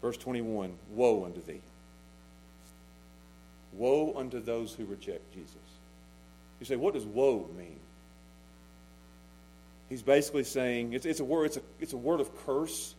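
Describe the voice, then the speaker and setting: A man preaching a sermon as pastor, passionate, swinging between loud pleading and hushed intensity. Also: mid-range voice, animated, moderate pace, pauses often, slight background noise, poor audio.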